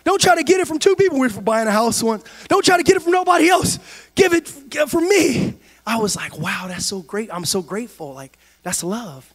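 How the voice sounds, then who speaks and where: A man preaching a sermon as pastor, swinging from quiet talk to shouted, sing-song cadences. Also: very high-pitched, big pitch swings, a little fast. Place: church sanctuary.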